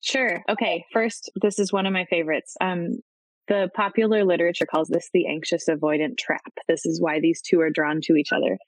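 A woman's voice: fairly low pitch, fairly even intonation, a little fast, no echo, low-quality recording. A woman speaking as a guest expert, explaining in a chatty way, often acting out quoted lines and checking in with "right?". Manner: acts out quoted voices, frequent "right?" and "um". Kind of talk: conversational explaining.

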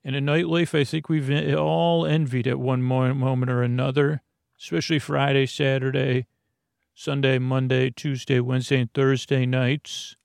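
A man voicing a bumbling male field reporter who rushes a live report and keeps getting flustered. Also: mid-range voice, level tone, creaky, smooth, no room sound, clean studio sound, natural voice. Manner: rushed, flustered newsreader delivery.

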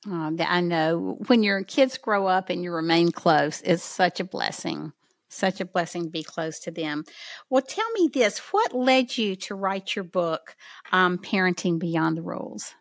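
A woman hosting a podcast with a lowish voice, recorded dry and close. She asks her guest questions in a friendly, encouraging way. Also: animated, a little slow, dry recording. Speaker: podcast host. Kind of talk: podcast interview.

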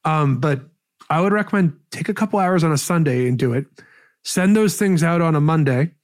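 A man talking as a podcast guest, giving casual sales advice in an energetic, rambling way. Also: a little high, a little fast.

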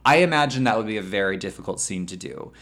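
A man's voice: on the low side, expressive, fast talker, fairly bright tone. A man hosting a podcast, chatting casually and filling his talk with "like" and "um.". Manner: chatty, lots of likes and ums. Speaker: podcast host. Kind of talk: casual chat.

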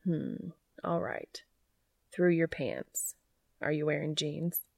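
Woman doing a hushed, breathy lover man. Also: low-pitched, slow, no echo, studio quality, full character voice. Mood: hushed, intimate. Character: smitten adult man, low and breathy. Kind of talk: audiobook character reading.

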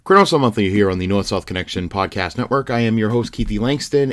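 A man's voice: on the low side, expressive, fast. A man hosting a wrestling podcast, playfully staging interviews, hesitant and full of fillers. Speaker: podcast host. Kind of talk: playful scripted bit with interviews.

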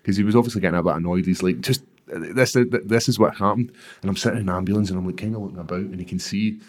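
A man's voice: sits low, steady tone, rapid-fire, darkish tone. A Scottish man in his thirties, a professional fighter telling his story candidly and bluntly in an interview, swearing freely.

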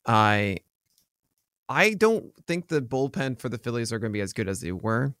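A man's voice: medium pitch, expressive, normal speed, fairly bright tone, clean tone, no echo, clean studio sound. A man co-hosting a casual sports podcast, chatty and rambling with many fillers and restarts. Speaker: podcast co-host.

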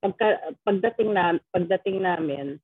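Middle-aged Filipino woman, low husky voice, dry tinny phone-quality sound, chatty storyteller who acts out quotes. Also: normal speed, no echo. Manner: switches between English and Tagalog, acts out quoted voices. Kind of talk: casual chat, telling a ghost story.

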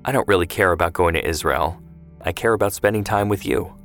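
A man's voice: deep voice, brisk, fairly bright tone, faint music behind. A man reading the part of a polite, eager-to-please teenage girl who answers hesitantly. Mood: earnest.

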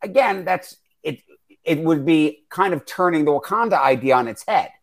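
A man's voice: a little high, lively intonation, normal speed. A man co-hosting a casual film review chat, rambling and repeating words as he starts his points. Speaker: podcast co-host.

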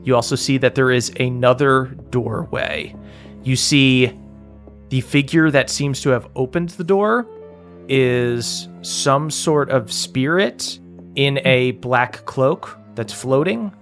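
A man running a tabletop game as game master, narrating in a relaxed way and searching for words as he goes. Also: medium pitch, takes it slowly, faint music behind.

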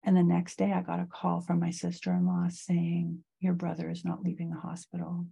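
A middle-aged woman, a guest in an interview, slowly and reflectively telling a personal story of loss. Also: lowish voice, monotone, gravelly, warm tone, slightly rough.

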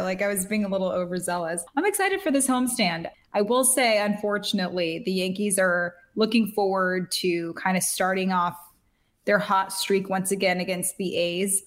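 A woman hosting a sports podcast in casual back-and-forth chat. She sounds bubbly and playful, tossing in quick asides as she talks. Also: medium pitch. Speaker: podcast host.

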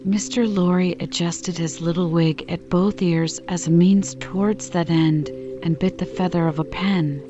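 A woman's voice: on the low side, fairly even intonation, a little slow, few pauses, highs cut off, over music. Woman reading a classic novel aloud. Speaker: audiobook reader. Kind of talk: scripted narration.

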